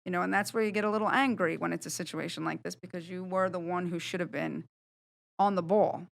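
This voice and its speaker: A woman's voice: lowish voice, fairly even intonation, quick pace, gravelly. A woman, a guest on a studio podcast, speaking bluntly and animatedly about her own experiences, swearing casually. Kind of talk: candid conversational storytelling.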